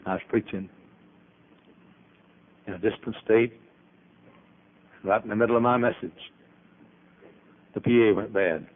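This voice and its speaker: An older man preaching a sermon as pastor, emphatic, with sudden loud rises and trailing, dropped endings. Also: on the low side, steady tone, unhurried, pauses often. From American. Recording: tinny phone-like archival audio.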